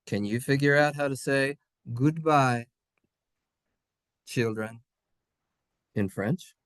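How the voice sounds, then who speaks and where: Slow, playful male Hebrew teacher. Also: medium pitch, dry recording. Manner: playful, sing-song, sounds out letters slowly. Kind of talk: classroom lesson. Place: synagogue classroom.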